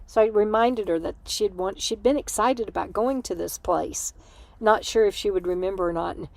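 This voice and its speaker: A tired woman hosting her own livestream, talking in a reflective, halting way and laughing often. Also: mid-range voice, gravelly, darkish tone, no echo. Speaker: livestream host. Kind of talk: casual personal chat.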